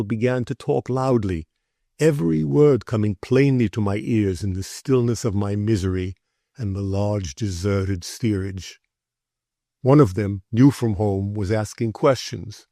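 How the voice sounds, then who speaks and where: A man narrating a classic adventure novel as an audiobook, measured and deliberate. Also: fairly low pitch, gravelly, warm tone, no echo, clean studio sound. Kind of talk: scripted narration.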